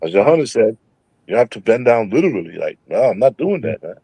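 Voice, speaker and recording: A man with a low-middle voice, recorded dry with no room sound. He speaks emphatically in casual slang and urges listeners to stay content with what they have. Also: very animated, a little fast, dark tone, husky, dry recording, low-quality recording. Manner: emphatic, exhortative. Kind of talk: casual religious chat.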